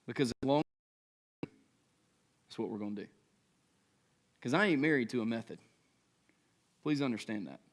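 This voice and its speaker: A pastor in his thirties delivering a sermon in a relaxed, talk-it-through way, peppering his points with rhetorical questions and quick check-ins with the crowd. His voice sits at an ordinary middle pitch for a man. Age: 30s. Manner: conversational preaching with rhetorical questions and frequent "right?".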